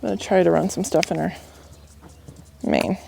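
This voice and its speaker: A woman softly talking to a young horse as she gentles it, calm and reassuring, often dropping to a whisper. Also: on the low side, normal speed, vocal fry, a little hiss or hum. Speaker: horse trainer in a gentling challenge. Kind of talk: soft-spoken talk to a horse. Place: outdoors at a horse pen.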